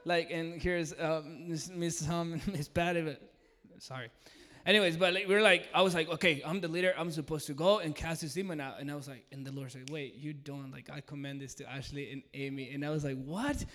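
A man leading a mission team, telling an animated testimony full of quoted dialogue. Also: on the high side, brisk, long reverb tail. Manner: excited, retells with quoted dialogue.

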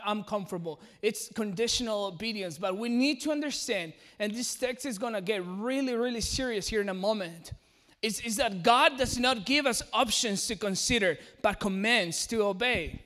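High-voiced joking male preacher. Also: moderate pace. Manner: lively, joking, speaks straight to the congregation. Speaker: pastor. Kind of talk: sermon. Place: church service in front of a congregation.

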